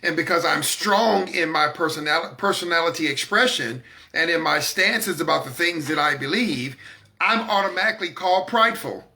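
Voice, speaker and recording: A man's voice: on the high side, normal speed, pushed and bright. A man hosting a talk broadcast in a preaching-style manner, speaking emphatically and with confidence, repeating words to drive his points home. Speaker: broadcast host.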